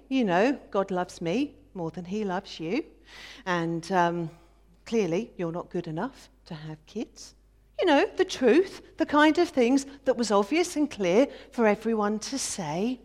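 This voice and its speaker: A woman voicing a bitter, sharp-tongued second wife in a biblical dramatic monologue, mocking and self-righteous. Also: medium pitch.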